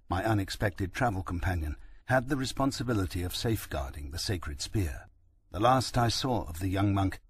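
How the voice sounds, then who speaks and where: A man narrating a first-person audiobook in a steady, reflective manner. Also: on the low side, slightly rough.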